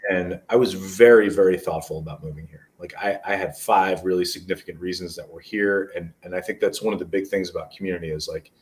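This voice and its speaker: Talking fast with few pauses, a low-pitched guest with fairly even intonation rambles earnestly through stories in a casual interview. He's a motivational speaker in his forties from New Jersey, USA, and his voice sounds distant from the mic.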